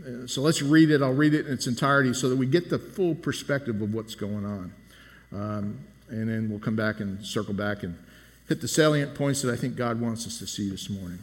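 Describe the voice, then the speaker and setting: A man of middle pitch preaches to his congregation as an elder, retelling scripture in a steady storytelling way. He lifts his voice when he speaks the quoted lines. His words ring with the long reverb of a church sanctuary. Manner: storytelling with rising emphasis on quotes. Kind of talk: sermon.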